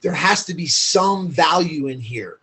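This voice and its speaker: Husky man telling a blunt recovery story. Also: fairly high pitch, animated, a little slow, sharp tone. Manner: blunt, profane, heavy filler use. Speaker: podcast guest. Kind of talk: candid storytelling chat.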